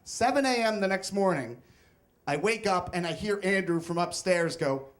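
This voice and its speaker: A man's voice: sits high, lively intonation, moderate pace. A young man telling a comic, self-mocking personal story on stage at a live storytelling event.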